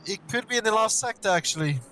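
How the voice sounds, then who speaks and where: An excitable man calls a live sim race from a home stream setup. His voice sits fairly high and he leans on fillers and sudden exclamations, with a faint hiss of noise underneath. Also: quick pace. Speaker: sim racing commentator.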